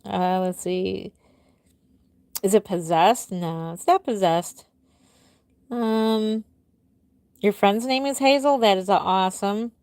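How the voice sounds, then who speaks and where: A woman in her forties chats on a doll-making livestream and answers comments as they come in. Her voice sits at a medium pitch and sounds a bit tired. The sound is close and dry, with no room echo. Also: slow pace, pauses often, darkish tone, clean tone. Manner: chatty, reads out and answers viewer comments. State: tired, yawning. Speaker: doll artist hosting a livestream. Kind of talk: casual livestream chat.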